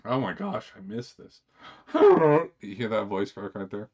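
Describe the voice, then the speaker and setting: A man with a very low voice talks casually on a live stream, rambling with fillers and restarts. The sound is dull and slightly muffled. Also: normal speed.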